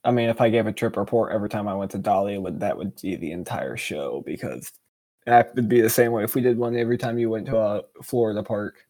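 Man, podcast co-host, casual chat, jokey, animated, middle pitch. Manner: animated, jokey, pitch jumps when excited.

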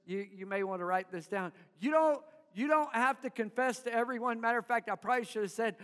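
A man's voice: very high-pitched, a little fast, few pauses, fairly bright tone, smooth, big-room sound. A man preaching a sermon to his congregation in church, calling for responses and having them repeat after him. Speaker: pastor.

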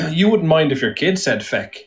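An Irish man chatting casually on a podcast, swearing freely, laughing often and getting loud and excited. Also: fairly high pitch, a little slow, far from the mic. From Ireland. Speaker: guest.

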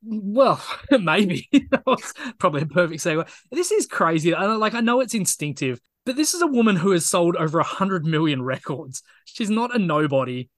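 A man's voice: sits high, big pitch swings, normal speed, few pauses, dry recording. Dry-joking man, close dry sound. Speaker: podcast co-host. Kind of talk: casual chat.

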